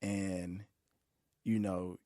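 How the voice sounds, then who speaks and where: Man, low-ish voice, podcast host, earnest, laid-back, slangy, dry studio mic. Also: little pitch movement, drawn-out words, dark tone, dry recording. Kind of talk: casual interview chat.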